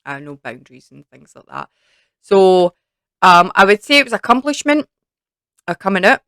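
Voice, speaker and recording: A woman's voice: medium pitch, very animated, normal speed, a bit bright, smooth, dry recording. A young woman with a Scottish accent chatting casually to camera in a Q&A, rambling with lots of fillers. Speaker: YouTube creator.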